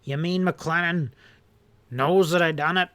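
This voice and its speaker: A man voicing a cowardly, scheming outlaw in a western audiobook, with a high, whining, pleading voice. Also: fairly even intonation, unhurried, a bit bright, no room sound. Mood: stammering.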